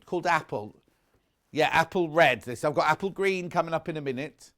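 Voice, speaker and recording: A man's voice: fairly high pitch, fairly quick, fairly bright tone. A man presenting fabrics on a live shopping channel, chatty and gushing, stopping often to correct himself. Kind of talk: live TV sales pitch.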